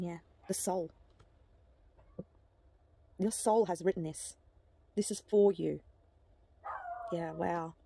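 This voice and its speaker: A woman giving an oracle card reading to camera, gushing and excitable, with frequent halting restarts and delighted exclamations. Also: medium pitch, slightly rough. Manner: halting restarts and repeated words. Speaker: psychic card reader.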